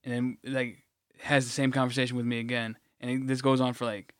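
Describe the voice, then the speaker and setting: A man co-hosts a casual podcast, telling a story in a rambling, blunt way that is full of swearing. His voice sounds smooth and resonant, pitched in a middle range. The recording is dry, with almost no room sound. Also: level tone, brisk, dry recording. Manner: profane, blunt, rambling with restarts. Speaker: podcast co-host.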